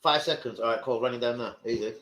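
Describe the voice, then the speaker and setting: A young man ranting live about football to his viewers, loud, sweary and jokey. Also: mid-range voice, quick pace, low-quality recording. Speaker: football fan livestreamer.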